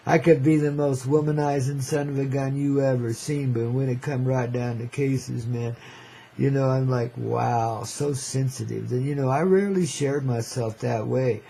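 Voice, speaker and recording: A man's voice: mid-range voice, steady tone, normal speed, gravelly, mellow, a little hiss or hum. An older man hosting a radio show, rambling in a laid-back hippie drawl, often saying "man" and laughing. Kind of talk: rambling casual radio monologue.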